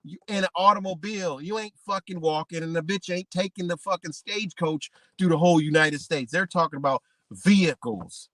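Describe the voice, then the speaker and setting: High-voiced man ranting profanely on a livestream. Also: brisk, hardly any pauses, no echo. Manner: animated and profane, swinging between reading and ranting. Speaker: livestream host. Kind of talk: profane livestream rant, reading legal text aloud. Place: home livestream setup.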